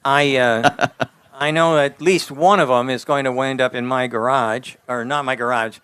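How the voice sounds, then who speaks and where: An older man talks shop as an engineering expert, blunt and folksy, livening up when he tells a story. His voice is smooth and resonant. It is recorded close and dry, with no room sound. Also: mid-range voice, a little slow, dry recording. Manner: blunt, folksy, animated when telling stories. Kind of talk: interview answers.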